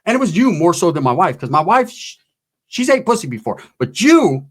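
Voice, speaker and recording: A man's voice: high-pitched, big pitch swings, fairly quick. A man telling a crude, rambling stand-up story, tagging lines with "right?" and acting out other people's voices. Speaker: stand-up comedian.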